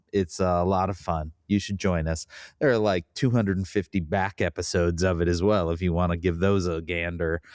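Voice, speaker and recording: A man with a cold and a deep, resonant baritone, co-hosting a podcast in a playful, jokey way. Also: a little mellow, smooth, no echo, clean studio sound. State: has a cold. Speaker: podcast co-host. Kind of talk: casual podcast chat and sponsor read.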